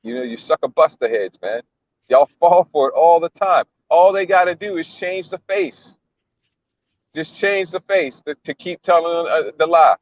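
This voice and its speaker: Dude ranting over a news clip, kinda high voice, dull lo-fi dry sound. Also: male voice, moderate pace. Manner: blunt, mocking, slangy, repeats himself. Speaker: commentator reacting to a news clip. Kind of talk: casual religious commentary.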